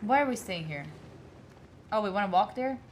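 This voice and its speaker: A woman's voice: medium pitch, expressive, normal speed, slight background noise. A young woman with an Italian accent, a native Italian speaker, chatting casually through a game stream and talking to the characters on screen. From Italy. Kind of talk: casual gaming stream commentary.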